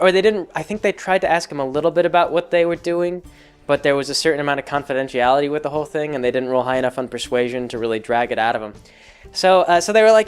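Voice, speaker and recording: A fairly high-voiced man recaps a tabletop game session in loose, casual chat. His voice is smooth and clear, and faint music plays underneath. He rambles along with many fillers and restarts, amused by his own story. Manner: amused, laughs along as he tells it. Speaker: game master and host.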